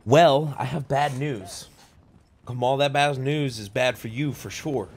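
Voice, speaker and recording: A man streaming a shooter game with friends, talking casually with loud playful outbursts and frequent laughter. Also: medium pitch, unhurried, slight background noise. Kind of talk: casual gaming chat.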